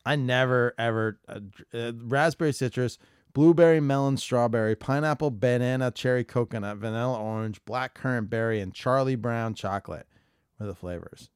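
A man's voice: medium pitch, normal speed, clean tone, no echo, clean studio sound. A man co-hosting a podcast, rambling and joking casually while filling airtime, swearing freely. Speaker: podcast co-host.

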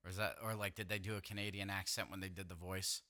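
A man's voice: low voice, steady tone, fast, sharp tone. A man co-hosting a podcast, trading crude jokes in casual banter and laughing often. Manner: joking, laughs often, puts on silly voices. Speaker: podcast co-host.

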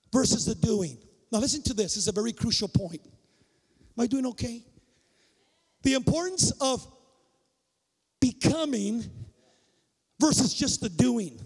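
Animated high-voiced pastor preaching in a hall. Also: male voice, vocal fry, slightly rough. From Mexican-American migrant family. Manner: animated, acts out dialogue, shouts for emphasis. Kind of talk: sermon with storytelling. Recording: long reverb of a large hall.

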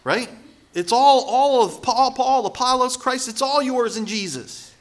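A man preaching a sermon in a lively, conversational way, acting out quotes and building to loud emphasis. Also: very high-pitched, unhurried. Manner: animated, acts out quotes, jokes, rises to loud emphasis. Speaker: pastor.

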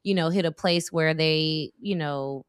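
Animated woman in her thirties. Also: low voice, measured pace, clean tone, no room sound, studio quality. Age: 30s. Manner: animated storyteller. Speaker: guest. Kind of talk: casual chat.

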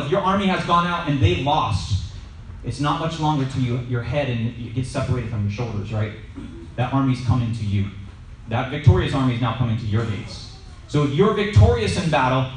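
Animated man teaching in an echoey room. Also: on the high side, fairly quick, recorded from a distance, slight background noise. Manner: animated, acts out shouting scenes. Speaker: Bible teacher. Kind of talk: teaching sermon.

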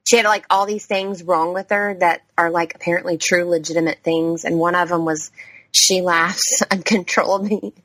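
A woman chats on a podcast, swearing freely and breaking into laughter. Her voice is bright and clear. The sound is dry and close. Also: lowish voice, fairly even intonation, normal speed, no echo. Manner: chatty, swearing, laughs often. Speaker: podcast co-host. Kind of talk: casual chat.

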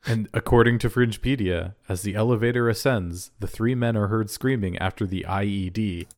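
A man with a somewhat low voice in a relaxed podcast chat. He makes deadpan cracks while retelling the plot. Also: a little fast, dry recording. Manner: dry, joking asides. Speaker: podcast co-host. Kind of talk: casual chat recapping a TV episode.

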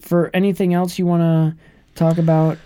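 A man co-hosting a casual movie review podcast, excitable and animated, often talking over his partner. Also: fairly high pitch, normal speed, clear, resonant tone. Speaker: podcast co-host.

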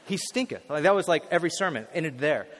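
A man preaching a sermon as a pastor, telling stories animatedly and swinging from hushed to loud. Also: fairly high pitch, lively intonation, fast talker, long reverb tail, a little hiss or hum.

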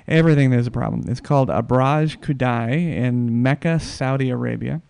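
Gravelly-voiced man hosting a chat. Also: mid-range voice, darkish tone. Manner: halting, many restarts and fillers. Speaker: podcast host. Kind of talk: casual chat.

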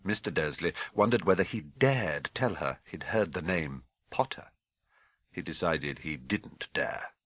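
A British man narrating an audiobook with expressive, measured storytelling. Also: low voice, dry recording, studio quality. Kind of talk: scripted narration.

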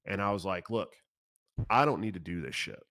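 A man in his thirties tells a personal story in a low voice, swearing freely and talking fast. His delivery is animated and casual. The recording is dry and close, with no room sound. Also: no echo. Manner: profane, animated, talks fast. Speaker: political candidate.

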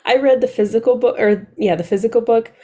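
A woman co-hosting a book podcast, reading the intro and chatting in a relaxed, friendly way. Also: fairly high pitch, fairly quick. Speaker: podcast co-host.

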